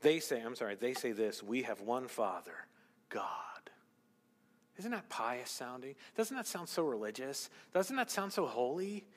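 A man preaching a sermon as pastor, swinging between loud emphasis and hushed asides. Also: mid-range voice, big pitch swings, moderate pace, few pauses. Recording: long hall reverb.

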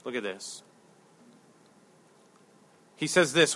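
A male pastor with a high, bright voice delivers an animated sermon. He jokes with the congregation and acts out the lines of the people he talks about, swinging his voice up and down. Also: measured pace, long pauses. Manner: animated, jokey preaching with acted-out quotes.

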